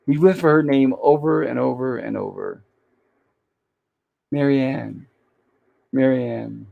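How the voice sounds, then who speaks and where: A man's voice: a little high, brisk, vocal fry, narrow, tinny audio. Chatty man retelling sitcom scenes. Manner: retells scenes, briefly acting out lines. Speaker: podcast host reviewing a classic sitcom. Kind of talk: casual livestream recap.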